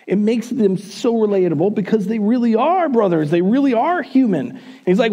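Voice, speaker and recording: Male pastor, conversational church sermon, high and highly animated. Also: normal speed. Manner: casual, conversational, humorous asides. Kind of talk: sermon storytelling.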